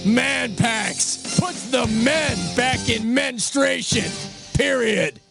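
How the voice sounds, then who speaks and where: A man playing a gruff, blustering macho pitchman in a parody commercial. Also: very slow, exaggerated voice. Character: macho gravelly adult male pitchman. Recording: loud music bed behind.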